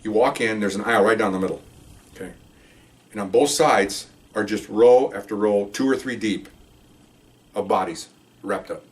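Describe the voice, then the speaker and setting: Picked up by a distant mic, a middle-aged retired cop tells a rambling story casually, acting out quotes in a raised voice. His voice sits on the low side, at normal speed, with long pauses.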